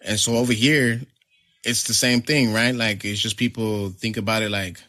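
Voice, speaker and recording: A man's voice: fairly low pitch, moderate pace. A man telling a story in casual chat, swearing freely and acting out what others said. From family from Nicaragua. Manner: animated, profane, acts out quotes.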